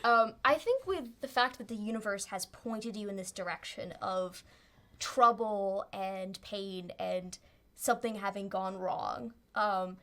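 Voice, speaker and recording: A woman's voice: medium pitch, measured pace, sharp tone. A woman narrating a tabletop game as game master in a rambling, hesitant way, with frequent ums and laughs.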